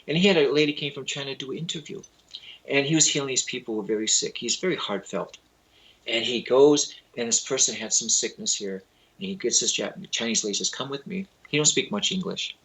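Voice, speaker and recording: Husky, forceful male storyteller. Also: medium pitch, a little fast, rough recording. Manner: animated storyteller who acts out the people he quotes, loose grammar. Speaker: spiritual teacher, interview guest. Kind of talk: telling anecdotes in a casual interview.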